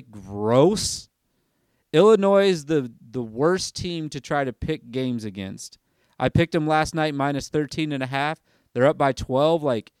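A man's voice: medium pitch, clear, resonant tone, no room sound, clean studio sound. A man hosting a casual sports podcast, talking in a hyper, rambling way and looking things up as he goes. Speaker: podcast host.

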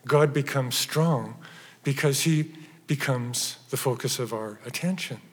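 A man preaching a sermon with emphatic stresses that drop at times to hushed, near-whispered phrases. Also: medium pitch, unhurried, breathy edge. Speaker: pastor. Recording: reverberant church hall.

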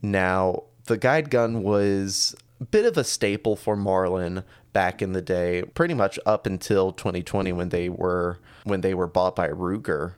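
A man with a low voice talks through a podcast episode as its stand-in host, chatty and easygoing, poking fun at his own slips. His voice comes across smooth and clear in a dry, close recording. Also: measured pace, no echo. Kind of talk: casual podcast talk.

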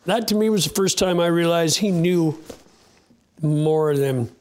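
A man's slightly high, slightly mellow voice moves a little slowly as he, a sled dog racer, recounts a heartfelt story in an interview. He speaks in a folksy, plain manner with lots of fillers and restarts, and at moments he is choked up and nearly in tears.

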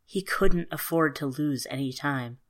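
A woman calmly narrating a fairy tale in an even storybook manner. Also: low-pitched, a little slow.

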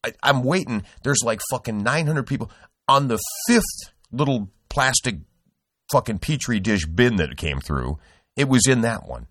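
A man's voice: mid-range voice, lively intonation, normal speed, fairly bright tone, no room sound, studio quality. A middle-aged man hosting a podcast, telling a rambling, profane story with lots of restarts. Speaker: podcast host. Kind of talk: casual podcast chat.

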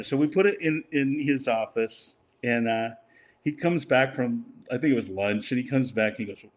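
A man's voice: medium pitch, normal speed. Older man telling a rambling story. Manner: rambling, laughing often, quoting others in a put-on voice. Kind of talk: casual anecdote.

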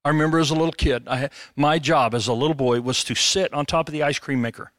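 A middle-aged man preaching a sermon as a pastor, animated and conversational, with jokes. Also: fairly high pitch, quick pace, no echo, studio quality.

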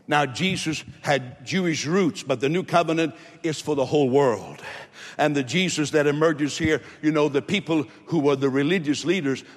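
Preaching man in an echoey hall. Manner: emphatic preaching, rising loud then dropping low. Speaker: pastor. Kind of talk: sermon.

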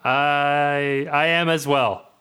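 A man's voice: fairly high pitch, fairly even intonation, drawn-out words, sharp tone, clear, resonant tone. A man co-hosting a comedy podcast, cutting in with wry, incredulous quips. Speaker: podcast co-host. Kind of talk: casual comedic banter.

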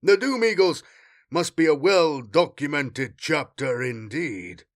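Guy doing a sneering loud soldier, arch and snarly, big swings in pitch. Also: lively intonation, takes it slowly. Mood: mocking. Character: arrogant, mocking warrior sergeant, male.

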